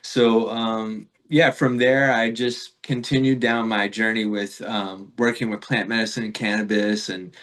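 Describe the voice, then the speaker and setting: A man's voice: lowish voice, little pitch movement, measured pace, few pauses. Reflective man telling a spiritual story. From Florida. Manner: reflective, rambling, frequent fillers and soft laughs. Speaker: podcast guest. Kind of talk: casual storytelling in a spiritual interview.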